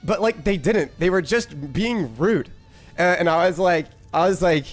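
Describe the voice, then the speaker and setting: A man on a live stream spins a rambling, profane story for his chat. His voice sits slightly high and keeps cracking into laughter, with soft music playing faintly behind him. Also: unhurried.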